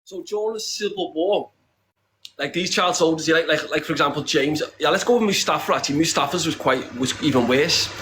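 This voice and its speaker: A northern English man speaking in a blunt, impassioned interview, his voice sitting a little high for a man. He swears freely, keeps calling the listener "lad", and hammers the same points home again and again. A faint hiss of room noise sits under his voice. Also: a little fast, a bit bright, poor audio. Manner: emphatic, repeats himself. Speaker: interviewee, charity campaigner. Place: secure compound, indoors.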